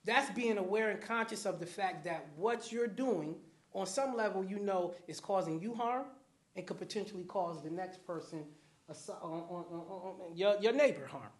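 A man giving a lively talk at a community event, often putting questions to the audience. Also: sits high, normal speed. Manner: animated, addresses the crowd with questions. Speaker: guest speaker, program manager. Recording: echoey hall.

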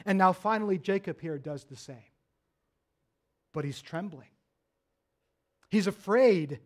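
A man with a notably high voice delivers a sermon from the pulpit. He preaches earnestly, sinking low and soft for tender moments before climbing back up to stress key points. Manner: earnest preaching, dropping low and soft then rising with emphasis. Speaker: pastor.

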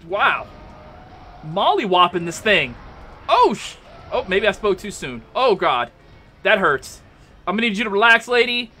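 A young man commentating his own gameplay, trash-talking a boss with loud yelps and exclamations. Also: high-pitched, very animated, measured pace, pauses often. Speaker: gamer playing a boss fight.

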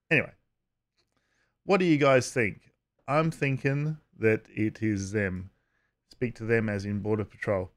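Man giving a casual, halting commentary. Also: on the low side, a bit bright. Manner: halting, with frequent uhs and restarts; chuckles while talking. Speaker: YouTube commentator.

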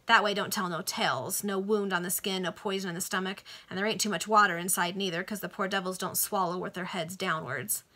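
Casting: a woman playing a sulky, rough male housebreaker in a storybook reading, bright voice. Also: mid-range voice, fairly even intonation, fairly quick, hardly any pauses. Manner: sulky, rough street speech. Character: sulky thuggish male burglar.

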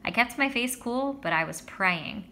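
Woman reading a kids' story aloud, bright voice, lively, faint hum behind. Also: fairly high pitch, a little slow. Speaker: audiobook reader. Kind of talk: first-person storybook narration.

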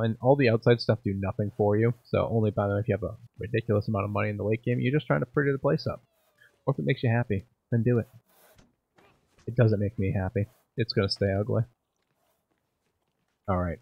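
Gravelly, husky gaming commentator. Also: male voice, lowish voice, no echo, dull audio. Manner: casual, self-deprecating, thinking aloud. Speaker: gaming channel host. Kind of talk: let's play commentary.

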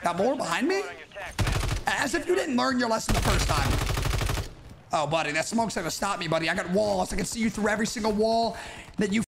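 High-voiced trash-talking streamer man. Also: lively intonation, brisk, background noise. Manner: brash, taunting, sing-song boasts. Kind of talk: trash-talking gameplay commentary. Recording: game gunfire clearly heard behind.

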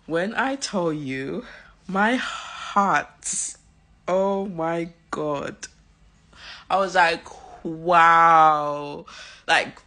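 A woman's voice: fairly low pitch, drawn-out words, pushed and bright. A young mother in an emotional personal vlog, telling a story in a tearful, gushing, rambling way. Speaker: mother vlogging.

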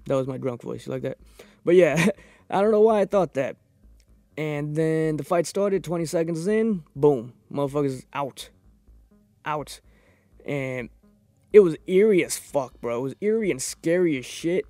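A young man hosting a podcast, reviewing fights in a profane, rambling, excitable casual monologue. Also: a little high, normal speed, no room sound. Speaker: podcast host.

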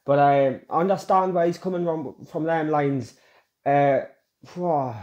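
A man with a rather high voice talks casually to his viewers and breaks down lyrics as he reacts. He sounds earnest and moved, and music keeps playing under him. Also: unhurried, a little mellow, dull audio. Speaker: reaction video host.

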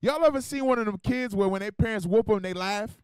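A man's voice: high voice, a little fast, a little mellow, clean tone, dry recording. A man teaching as an officer in a sermon, emphatic and colloquial, calling out verses for a reader. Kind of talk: street-style teaching sermon.

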